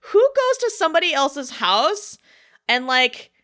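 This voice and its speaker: A woman's voice: high-pitched, sing-song, unhurried, fairly bright tone. A woman telling a personal story in casual conversation, chatty, swearing freely and saying "like" a lot. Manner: acts out voices in quoted speech.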